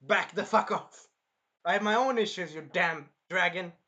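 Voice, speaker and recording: A man voicing an angry young male hero who snaps and yells at his foes. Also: high voice, moderate pace, highs cut off, pitched above the performer's own voice. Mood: furious. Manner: yelling, short-tempered.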